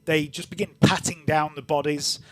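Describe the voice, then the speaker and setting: A man's voice: a little high, normal speed, slight background noise. Easygoing male game master. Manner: relaxed, rambling with many fillers. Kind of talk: narrating a tabletop game.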